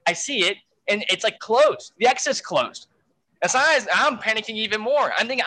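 A man's voice: high voice, expressive, moderate pace, bright, forceful tone, poor audio. A man telling a frantic story in a casual way, full of fillers and swearing. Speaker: guest storyteller.

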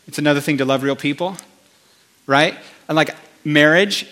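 A male pastor giving a conversational sermon, animated, with chatty asides to the congregation. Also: a little high, moderate pace.

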